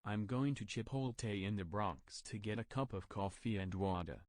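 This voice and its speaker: A woman putting on a gruff, deep-voiced man who mocks people in an exaggerated way. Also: normal speed, darkish tone. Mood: mocking. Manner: exaggerated mock voice reading out chat.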